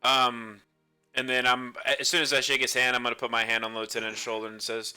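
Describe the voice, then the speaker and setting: A man's voice: mid-range voice, little pitch movement, fairly quick, sharp tone, clear, resonant tone. A man playing a tabletop game who speaks in character as a lord, assured and courteous. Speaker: player.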